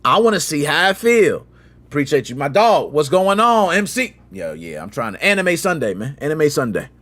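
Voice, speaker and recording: Animated slangy male gaming host. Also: a little high, moderate pace. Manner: slangy, acts out quotes with sound effects. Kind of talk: animated commentary storytelling.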